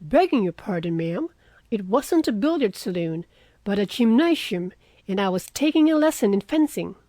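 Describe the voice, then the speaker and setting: A woman voicing a teasing, good-natured wealthy young man in an audiobook reading, with a lively, coaxing way of talking. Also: medium pitch, moderate pace, no room sound.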